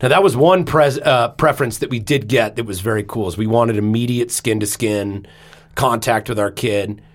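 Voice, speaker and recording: A man on a podcast telling a personal story in casual chat, animated and swearing freely, acting out his own shouts. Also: medium pitch, moderate pace. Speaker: podcast co-host.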